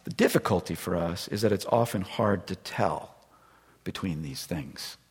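This is a middle-aged man, a pastor, whose low, husky, creaky voice stays expressive at an ordinary pace. He tells a personal story in his sermon in a conversational style, acting out quoted voices, with long reverb from the large space around him.

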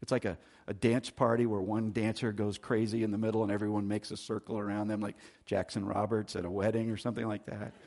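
A male pastor delivering a sermon, shifting from loud, emphatic lines to hushed, quiet asides. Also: level tone, fast talker, hardly any pauses. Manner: dynamic preaching, swinging between loud emphasis and hushed, low asides.

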